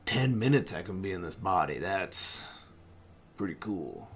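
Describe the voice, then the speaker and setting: A man doing a mellow stoned stranger. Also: deep voice, expressive, a little slow, breathy edge, full character voice. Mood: giddy. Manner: drawling, slangy, easygoing. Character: laid-back stoned male stranger, mellow drifter. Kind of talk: tabletop game character voice.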